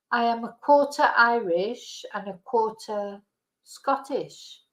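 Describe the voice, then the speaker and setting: This livestream host from Manchester, a middle-aged woman, talks easily with her audience and laughs often. She pitches fairly high with a bright tone, captured on a rough recording.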